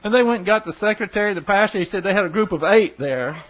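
A man's voice: sits high, fast talker, slight background noise. A man, a pastor telling stories to his congregation in a rambling, folksy way with chuckling asides. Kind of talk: casual storytelling to a congregation. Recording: dull lo-fi recording.

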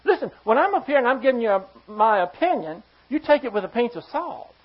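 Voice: mid-range voice, big pitch swings, a little fast. A pastor giving a sermon to a congregation, emphatic and firing rhetorical questions at the listeners. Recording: slightly dull lo-fi sound.

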